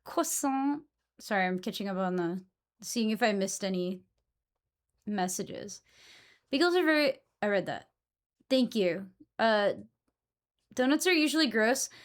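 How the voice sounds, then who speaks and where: A woman's voice: medium pitch, lively intonation, a little slow, long pauses. A young woman from New England chatting casually with her live stream audience, blunt and given to swearing.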